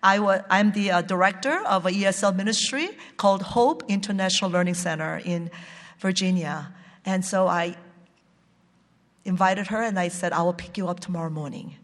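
A church language-ministry director telling a personal testimony, halting along with many fillers and restarts. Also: medium pitch, fairly bright tone, long reverb tail.

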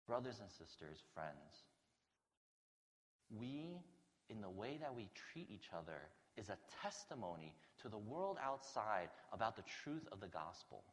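A man's voice: lowish voice, big pitch swings, measured pace, in a large hall. A man preaching a sermon to his congregation in an earnest, conversational way. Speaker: pastor.

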